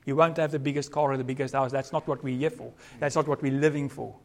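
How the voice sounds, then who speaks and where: Male pastor, South African accent, earnest sermon delivery, mid-pitched voice. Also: steady tone, quick pace, gravelly. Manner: earnest preaching, code-switching, varied loudness.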